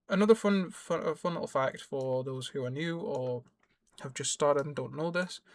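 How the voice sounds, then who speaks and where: A man's voice: a little high, slight background noise. Man rambling through a game tutorial. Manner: rambling, self-correcting, explains as he plays. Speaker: gaming YouTuber. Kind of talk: casual gameplay tutorial commentary.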